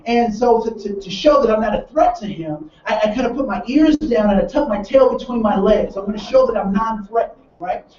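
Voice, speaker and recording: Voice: mid-range voice, brisk, few pauses, a little hiss or hum. A workshop trainer lecturing a live group, telling a story with lots of restarts and repeated words, and acting out the people in it. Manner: animated storyteller who acts out the people in the story. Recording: roomy echo from far off, dull and lo-fi.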